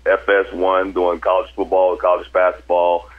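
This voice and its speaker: A man's voice: low voice, monotone, moderate pace, phone-quality sound. A male sports broadcaster, a guest on a talk show, joking and laughing often as he talks about his many jobs. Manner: jokey, laughs often, talks up his busy work life. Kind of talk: casual chat.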